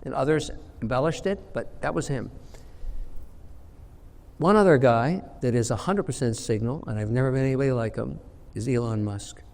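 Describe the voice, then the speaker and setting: A man in his sixties tells business anecdotes bluntly and emphatically, in an interview setting. His voice sits at an ordinary male pitch, and the room gives it a long, lingering reverb. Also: moderate pace, gravelly, darkish tone. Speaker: investor guest. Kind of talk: storytelling interview answer.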